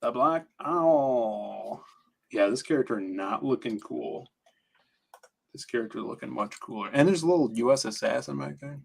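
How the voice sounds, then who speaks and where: A man co-hosting a casual talk stream, rambling as he flips through comics, his voice slightly hoarse. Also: mid-range voice, fairly quick, darkish tone. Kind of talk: casual chat.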